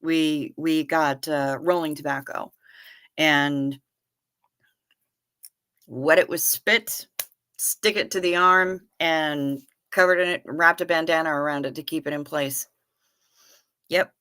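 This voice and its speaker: A woman's voice: sits low, fairly even intonation, slow pace, long pauses, pushed and bright, clear, resonant tone. A woman hosting a livestream in a folksy, chatty way, greeting viewers by name and calling them honey. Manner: hums and sings little doo-doo fillers. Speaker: livestream host. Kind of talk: casual chat reading viewer comments.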